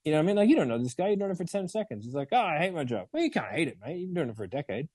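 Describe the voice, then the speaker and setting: Animated sales coach, mellow dry voice. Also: male voice, fairly high pitch, rapid-fire, dry recording. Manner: animated, demonstrates tones by acting them out, swears casually. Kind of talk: live roleplay coaching.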